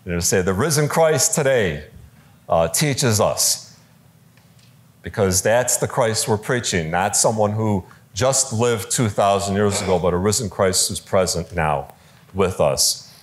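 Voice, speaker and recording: A man giving a conversational talk on preaching to a live audience, lively, with fillers and quoted voices, in a large room. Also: lowish voice, unhurried. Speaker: speaker teaching preachers.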